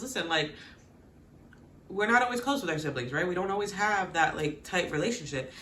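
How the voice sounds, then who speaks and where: A woman giving a casual, gossipy recap of a TV episode. She talks in a chatty way with lots of "like" and quick laughs, and she acts out the characters' lines as she goes. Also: lowish voice, big pitch swings, sharp tone, reverberant, slight background noise. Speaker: TV recap vlogger.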